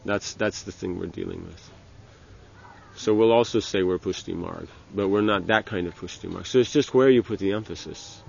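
A low, gravelly male voice delivers a loose, conversational religious lecture, circling back with restarts and filler words. The recording is dull and lo-fi. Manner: halting, many restarts and "you know". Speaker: spiritual teacher.

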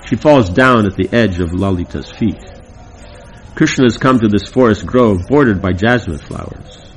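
Man, teacher, reading a devotional play aloud, casual asides, lowish voice, faint noise behind. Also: animated, moderate pace, low-quality recording. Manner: plain reading broken by chatty comments.

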